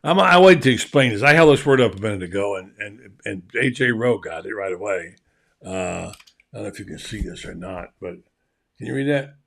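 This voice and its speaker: A man's voice: fairly low pitch, animated, fairly quick, gravelly, fairly bright tone. A man hosting a sports talk show, talking in a folksy, rambling way. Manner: folksy, rambling, self-deprecating. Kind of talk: casual radio sports talk.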